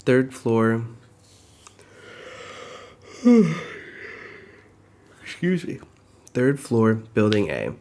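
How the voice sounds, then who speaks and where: A man's voice: mid-range voice, big pitch swings, extremely slow, long pauses, a little mellow, slight background noise. A tired, yawning man hosting a live manga reaction, reading scenes aloud and adding his own asides.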